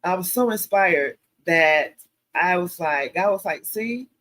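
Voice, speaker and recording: Bright punchy woman doing a live q&a, animated preachy storytelling, talks to viewers like y'all. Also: on the low side, measured pace. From American South. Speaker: show host. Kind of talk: casual livestream Q&A talk.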